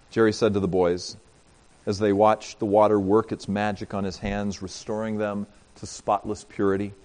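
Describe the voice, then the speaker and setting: A pastor giving a sermon, telling a story and talking directly to his congregation. He moves between emphatic lines and quiet asides. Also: lowish voice, flat delivery, normal speed.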